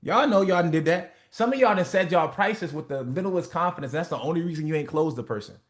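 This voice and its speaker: Animated, profane man coaching a group call. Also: fairly high pitch, fast talker. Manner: animated, profane, acts out skits. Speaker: business coach.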